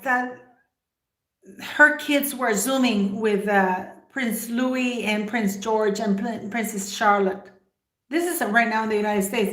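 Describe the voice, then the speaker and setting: Her tone somewhat bright and pitched on the high side, a livestream host shares emphatic, opinionated commentary directly with viewers, packed with rhetorical questions. The audio carries a roomy echo.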